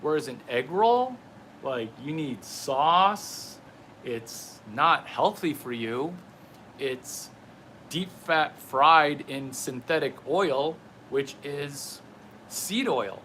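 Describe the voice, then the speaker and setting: A man in a rambling comedic monologue, speaking slowly with a bright, forceful edge. His voice sits fairly high and swoops widely as he riffs playfully from one absurd tangent to the next. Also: lively intonation, slight background noise. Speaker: comedian vlogger.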